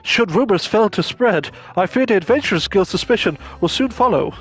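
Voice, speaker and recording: A man's voice: high-pitched, expressive, fairly quick, husky, pitched above the performer's own voice. A man reading the lines of a worried, formal masquerade host in a game. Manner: formal, pleading delivery. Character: polite, fretful male masquerade host.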